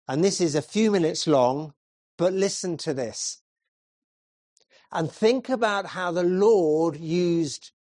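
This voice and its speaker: Man, preacher, sermon storytelling, measured delivery, slow, dry close recording. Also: on the high side, warm tone, dry recording. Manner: measured, asks the listeners questions.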